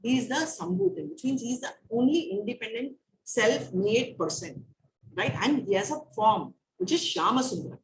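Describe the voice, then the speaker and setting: A woman's voice: fairly high pitch, lively intonation, moderate pace, far from the mic, slight background noise, low-quality recording. A woman with an Indian English accent teaching an online scripture class. She explains verses, chants Sanskrit lines and keeps asking "right?". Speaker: spiritual teacher.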